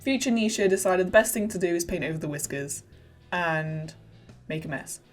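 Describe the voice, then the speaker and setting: A woman's voice: lowish voice, brisk, soft background music. A woman narrating her own crafting vlog in a casual, self-mocking way. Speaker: crafting vlogger.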